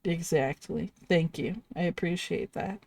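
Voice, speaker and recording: A woman's voice: fairly low pitch, a little slow, darkish tone. Woman streamer drawing and chatting, giggles a lot, dry close sound, no room echo. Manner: giggly, apologetic, chatting with viewers while drawing. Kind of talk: casual livestream chat.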